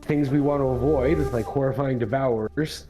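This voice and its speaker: A man recapping the last tabletop game session in a halting way, with many fillers. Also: mid-range voice, mellow, faint music behind, low-quality recording. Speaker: player.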